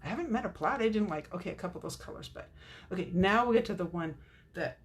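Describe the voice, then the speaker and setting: A woman's voice: mid-range voice, lively intonation, fast, breathy edge. A middle-aged woman hosting a live craft unboxing, chatting to herself and answering viewers by name. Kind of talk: casual chatty product show-and-tell.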